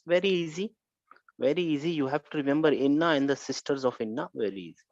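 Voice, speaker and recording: A fairly high-pitched man teaching a grammar class, going back over each point and pausing to ask whether everyone follows. The recording is dry and dull, with a lo-fi sound. His tone stays patient and steady. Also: no room sound. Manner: repetitive, keeps checking with "Huh?". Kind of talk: online grammar lesson.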